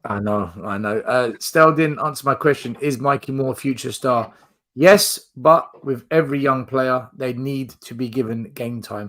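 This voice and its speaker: A man's voice: mid-range voice, fairly bright tone. A man hosting a casual football fan chat, reading out viewer questions in a chatty way. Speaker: podcast host.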